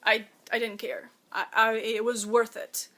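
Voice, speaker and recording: A woman who is the author of her own memoir, speaking in a personal, reflective monologue, halting and emotional as she fights back tears. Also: a little high, level tone, sharp tone.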